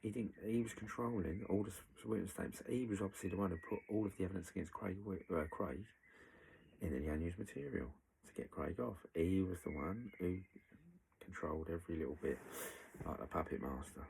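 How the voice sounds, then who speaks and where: A man's voice: low-pitched, brisk, vocal fry, a little mellow, slight background noise, poor audio. A man, bluntly recounting a personal story in an aggrieved way. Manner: blunt, aggrieved storytelling, full of "she went, I went".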